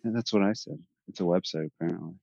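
A man's voice: deep voice, quick pace, gravelly, dark tone, no echo, lo-fi sound. A man chatting casually on a podcast panel, laid-back with wry remarks. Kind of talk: casual chat.

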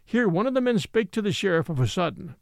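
A man narrating an old adventure tale with expressive delivery. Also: sits high, quick pace, gravelly, dry recording, clean studio sound. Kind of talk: scripted storybook narration.

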